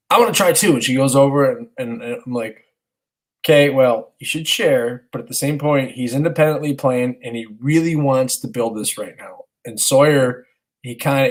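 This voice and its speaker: On a parenting podcast, a man who stays home with the kids shares a family story casually, animatedly performing his children's voices. He has a medium-pitched voice, captured on poor audio.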